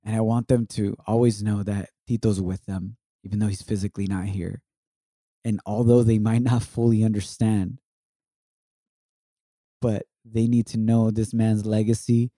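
A man's voice: on the low side, flat delivery, normal speed, mellow, no echo. A man in his thirties sharing an emotional personal testimony on a podcast, reflective and heartfelt, mixing in Spanish words. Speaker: podcast co-host.

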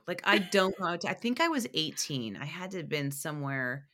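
A woman's voice: deep voice, fairly quick. A young woman guest on a podcast, chatting casually and telling stories with lots of restarts and fillers. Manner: animated storyteller, many restarts and fillers. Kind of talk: casual interview chat.

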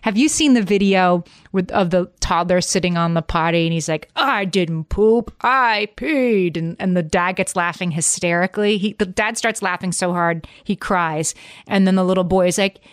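A woman in her forties co-hosting a parenting podcast, telling stories in a lively, casual way. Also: on the low side, a little fast, clear, resonant tone, dry recording, studio quality. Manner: lively storyteller, acts out quotes. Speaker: podcast co-host.

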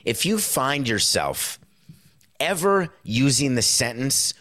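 Man with a lowish voice, chatty commentary. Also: takes it slowly. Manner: animated, acts out quotes in put-on voices. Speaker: sports and movie commentator. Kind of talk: casual monologue commentary.

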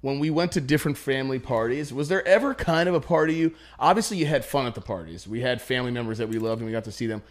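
A man's voice: mid-range voice, fast, hardly any pauses. A man hosting a podcast, telling stories in loose, profane casual chat with friends. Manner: loose, profane, animated storytelling. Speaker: podcast host.

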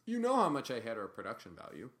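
A young man co-hosting a podcast in a loose, sarcastic way. He swings from sudden loud outbursts to quiet mumbles, with an ordinary mid-range voice. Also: medium pitch, huge pitch swings, fast talker. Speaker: podcast co-host. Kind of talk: casual chat.

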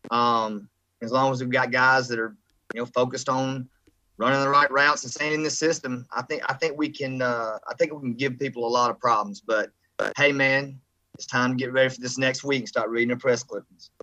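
A man's voice: medium pitch, fairly even intonation, fairly quick, sharp tone, muffled recording. A man appearing as a guest analyst on a sports podcast, talking in an emphatic, chummy casual style.

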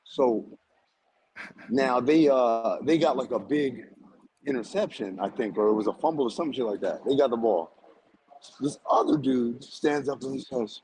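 A man on a podcast telling a story in a loud, animated way, laughing often and using lots of slang. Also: mid-range voice, brisk, husky, low-quality recording. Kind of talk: casual chat.

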